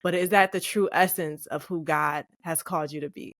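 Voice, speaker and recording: A woman hosting a faith podcast in a fairly low, even voice, affirming her guest in a relaxed, casual way. The sound is close and dry. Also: normal speed, no echo. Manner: warm affirming listener with soft reactions. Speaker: podcast host.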